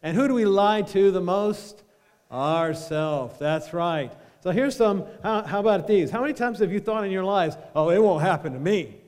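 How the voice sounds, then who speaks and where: High-voiced pastor preaching in a hall. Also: male voice, normal speed, smooth. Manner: animated preaching with congregation call-and-response. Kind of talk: sermon. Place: church sanctuary.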